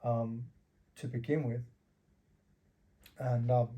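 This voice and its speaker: Casting: middle-aged Australian man, dark mellow voice, swears freely, laughs through his stories. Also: medium pitch, fairly even intonation, unhurried, pauses often. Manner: rough, profane, laughs while telling stories. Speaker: interview guest. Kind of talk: casual storytelling with heavy swearing.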